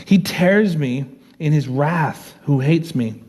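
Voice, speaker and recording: A man's voice: a little high, slow, a little mellow, slightly rough. A man preaching as a pastor, teaching verse by verse, reading scripture aloud and explaining it in an earnest, conversational way.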